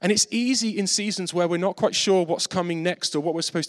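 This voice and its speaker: A man preaching a sermon, animated and self-mocking, acting out the voices in his stories. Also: high-pitched, brisk, hardly any pauses. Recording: reverberant hall.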